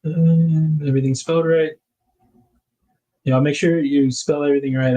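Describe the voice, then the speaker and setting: A livestream host with a dark, steady voice on the high side talks at normal speed over a rough recording. He packs items while narrating casually, rambling, correcting himself and laughing a little.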